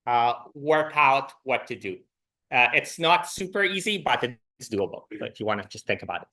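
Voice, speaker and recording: A man's voice: medium pitch, normal speed. A man lecturing a university programming class, talking loosely with many "uh"s and restarts. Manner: relaxed, many fillers and restarts. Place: lecture hall.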